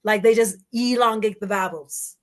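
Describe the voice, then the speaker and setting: A woman's voice: mid-range voice, steady tone, moderate pace. A woman from the Bahamas in casual conversation, her Bahamian accent faint and mostly American-sounding, talking at length with frequent restarts. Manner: talkative, many restarts, breaks into bits of song and accents. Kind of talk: casual chat.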